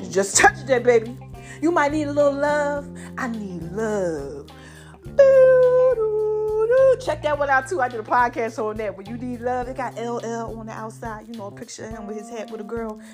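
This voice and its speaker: A woman hosting her own podcast, talking straight to her listeners in a casual, preachy advice monologue full of slang and repeated points. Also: high-pitched. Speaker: podcast host giving relationship advice.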